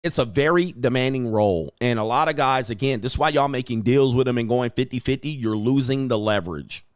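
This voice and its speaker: A man hosting a livestream, talking bluntly and crudely in a lecturing way and acting out quoted women in a higher voice. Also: brisk, smooth, dry recording, studio quality. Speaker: host. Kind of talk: livestream commentary.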